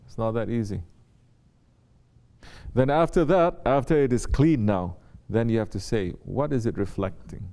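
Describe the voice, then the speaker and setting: Speaking as a Sufi teacher to his students, this man delivers a spiritual talk in a mellow, creaky mid-range voice with lively intonation and a moderate pace. He tends to repeat himself and keeps checking in with brief rhetorical questions to the room.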